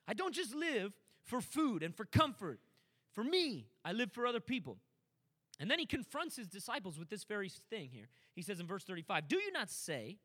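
High, animated male preacher. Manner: impassioned, building to emphatic preaching. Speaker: pastor. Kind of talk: sermon.

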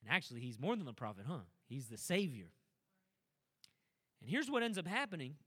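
A man's voice: on the high side, very animated, a little fast, pushed and bright, husky. A man preaching a sermon, impassioned and building to emphatic, driving delivery. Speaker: pastor.

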